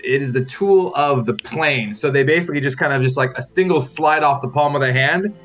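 A man's voice: medium pitch, a little fast, fairly bright tone. Rambling man explaining game lore. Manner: rambling, searching for words. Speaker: player. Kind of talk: tabletop role-play chat.

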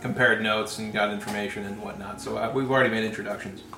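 A man at a tabletop game, joking and laid-back in his talk. His voice echoes in the room, and clear music plays behind him. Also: lowish voice, steady tone, fast, sharp tone. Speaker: player. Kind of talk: casual game chat.

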